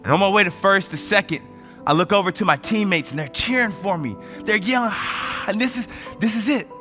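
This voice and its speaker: Male motivational speaker, thirties, high ringing voice, energetic storytelling over faint music. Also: a little fast. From United States. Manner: energetic storytelling, voice rising with emotion. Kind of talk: motivational speech.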